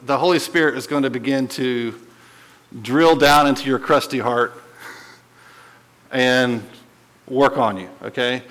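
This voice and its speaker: A man's voice: mid-range voice, poor audio. A man teaching a Bible study in a casual, conversational way, often checking in with his listeners and lifting his voice to stress a point. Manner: animated, voice lifts when stressing a point.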